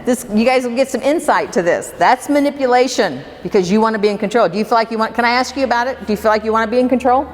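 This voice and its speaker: A woman's voice: fairly high pitch, racing, hardly any pauses. A woman presenting a workshop to a live audience, talking conversationally and putting questions to the room. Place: hall with an audience. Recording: reverberant hall, faint room noise.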